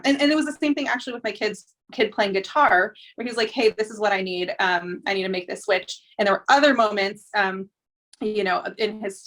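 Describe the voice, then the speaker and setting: A woman hosting a podcast, talking in a relaxed, reflective way with many pauses and fillers. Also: mid-range voice. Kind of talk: casual conversation.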